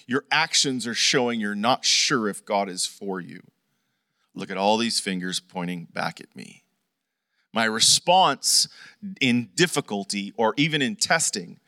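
A middle-aged man preaching a sermon, animated and conversational, often asking the congregation questions. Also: mid-range voice, no echo, clean studio sound. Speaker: pastor.

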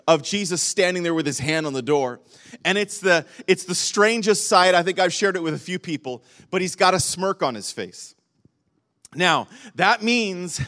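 A man pastor with a notably high-pitched voice gives a sermon. He talks to the congregation in a loose, conversational way. He often restarts his phrases and asks rhetorical questions. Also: a bit bright.

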